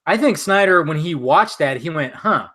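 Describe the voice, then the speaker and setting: Man, tipsy, animated, swearing, rambling, film chat. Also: on the high side, normal speed. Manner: animated, profane, rambling with restarts. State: tipsy from vodka. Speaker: host. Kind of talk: casual film chat on a drinking stream.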